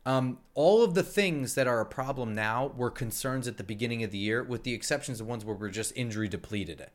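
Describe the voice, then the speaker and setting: A man's voice: medium pitch, a little fast. Blunt, wry man in sports chat. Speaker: podcast co-host.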